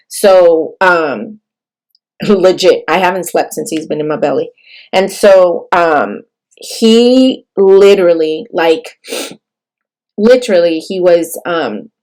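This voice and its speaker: A young woman with a somewhat low voice tells a personal story straight to camera. She talks in a halting, tearful way and restarts her sentences often. She grew up in California. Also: darkish tone. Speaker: vlogger sharing a birth story.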